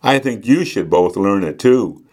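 A man's voice: lowish voice, lively intonation, measured pace, a little mellow. A man voicing a cheerful, encouraging grandmother in a children's story.

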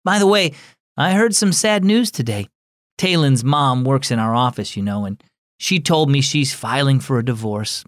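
A man voicing a calm, kind father in a children's devotional story, reassuring. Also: medium pitch, moderate pace, dry recording, clean studio sound, natural voice.

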